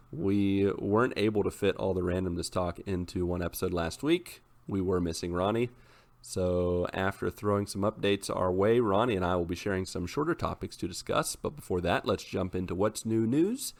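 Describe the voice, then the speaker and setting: A man's voice: deep voice, moderate pace. A man in his thirties hosting a casual podcast, opening with theatrical, playful introductions. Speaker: podcast host.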